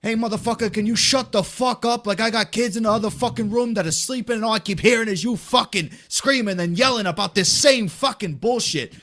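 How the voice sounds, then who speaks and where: A man voicing a furious male hotel neighbor in a put-on New York accent, loud and profane. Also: sits high, a little fast, hardly any pauses, voice pushed up.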